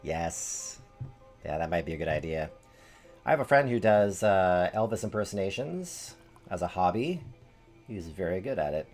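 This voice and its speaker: Male streamer, low voice, chatty thinking aloud, faint music behind. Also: sing-song, normal speed, a little mellow. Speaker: streamer playing a story game. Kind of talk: casual live-stream commentary.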